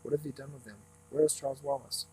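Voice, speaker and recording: A man's voice: medium pitch, fairly even intonation, fast, warm tone, a little hiss or hum, natural voice, poor audio. A man reading as a stubborn, fierce teenage girl. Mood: defiant.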